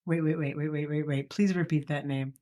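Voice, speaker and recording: Female podcast co-host, lower pitch, sardonic reactions to the story. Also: fairly even intonation, brisk, mellow. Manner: reacts with wry, incredulous quips. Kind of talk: casual chat.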